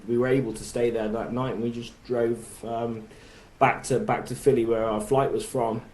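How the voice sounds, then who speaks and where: A man's voice: mid-range voice, flat delivery, moderate pace, darkish tone, roomy sound. Rambling man with a Bristol accent. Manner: rambling, many verbal fillers. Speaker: musician guest. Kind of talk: casual interview chat.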